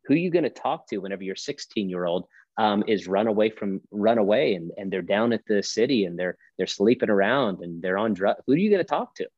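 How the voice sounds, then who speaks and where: Emphatic low-voiced male pastor. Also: fairly quick, darkish tone, dry recording, highs cut off. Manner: emphatic, preacherly, rhetorical questions. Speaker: pastor and podcast guest. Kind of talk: podcast conversation.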